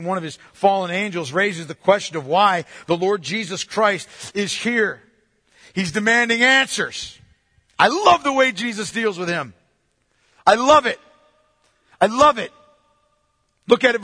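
Pastor, male, very high and sharp voice, emphatic sermon delivery, long hall echo. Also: moderate pace. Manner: emphatic, asks rhetorical questions.

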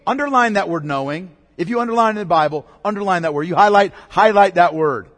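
A man's voice: high voice, expressive, quick pace, few pauses, fairly bright tone. A man preaching a sermon in an emphatic way, repeating key words and asking the congregation questions. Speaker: pastor. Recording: long reverb of a large hall.

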